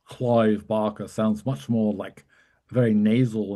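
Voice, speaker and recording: A man hosting a casual chat, talking in an excited, rambling way with frequent laughs. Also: lowish voice, slow. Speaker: host.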